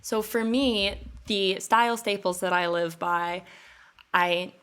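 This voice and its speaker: A young woman in her twenties hosts a solo advice podcast. She talks straight to the listener, earnest and encouraging, like a friend coaching her through her early twenties. Her voice sits at an ordinary middle pitch. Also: takes it slowly, a bit bright, clean tone. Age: 20s. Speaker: podcast host.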